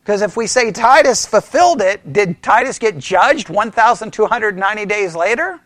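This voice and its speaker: A man leads a church Bible study with a strikingly high voice that swings up and down. He is animated and keeps checking in with his class. The sound is dry and close, with no room echo. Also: normal speed. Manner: animated, talks to the class with frequent "right?" checks; mimics opponents in mocking quoted voices.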